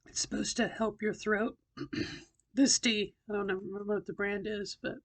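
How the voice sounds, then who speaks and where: A middle-aged woman talking in a casual video diary, thinking aloud with many pauses and a slightly tight throat. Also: medium pitch, level tone. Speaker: vlogger doing voice training.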